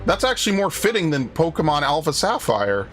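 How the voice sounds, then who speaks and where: A man's voice: a little high, sing-song, a little fast, fairly bright tone. A young man streaming a video game, chatting casually, rambling and sarcastic, swearing often and telling anecdotes. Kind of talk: casual gaming commentary. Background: faint game music.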